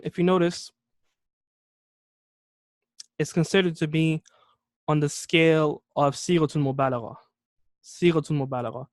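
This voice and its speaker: A man teaching an Arabic lesson, explaining words step by step, repeating key terms slowly and often checking in with "okay?". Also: a little high, no echo, studio quality. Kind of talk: classroom lesson.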